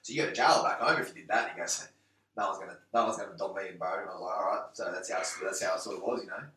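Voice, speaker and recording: Fast, bright-voiced man telling stories. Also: low-pitched. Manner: rambling storyteller, peppers talk with "mate" and "you know". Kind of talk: casual anecdotal chat. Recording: roomy, distant mic.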